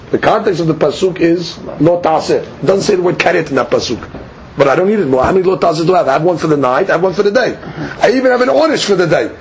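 High-voiced man teaching a study class. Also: lo-fi sound, a little hiss or hum. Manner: explanatory, poses and answers his own questions.

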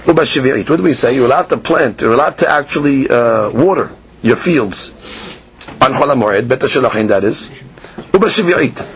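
A man teaching a Talmud lesson, chanting the text in a sing-song and then explaining it quickly, asking and answering his own questions. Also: mid-range voice, animated, fairly bright tone, husky. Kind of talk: Talmud lecture. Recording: dull lo-fi podcast recording with faint ambience.

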